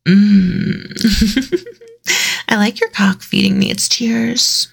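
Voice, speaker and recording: Woman, intimate role-play, teasing dominant partner; slow, husky delivery with half-whispered lines. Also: mid-range voice, fairly even intonation. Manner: teasing and dominant, soft giggles between phrases. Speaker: audio role-play performer.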